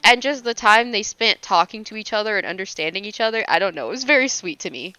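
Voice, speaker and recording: A woman's voice: medium pitch, expressive, fast talker, sharp tone, clean tone, dry recording. A young woman livestreaming while gaming, chatting casually and gushingly, laughing often and swearing offhandedly at herself.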